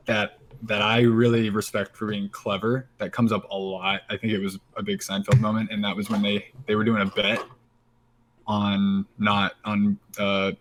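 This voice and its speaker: A man's voice: fairly low pitch, a little hiss or hum. A man co-hosting a podcast in casual chat, rambling and trailing off as he searches for words. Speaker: podcast co-host.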